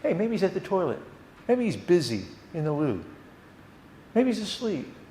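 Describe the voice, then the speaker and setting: A man's voice: extremely high pitch, big pitch swings, unhurried, creaky, a little mellow, echoey room, long reverb tail, a little hiss or hum, pitched above the performer's own voice, full character voice. A man voicing a theatrical biblical prophet, first mocking, then whining and sorry for himself. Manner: exaggerated, mocking whine. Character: theatrical male biblical prophet, taunting and self-pitying.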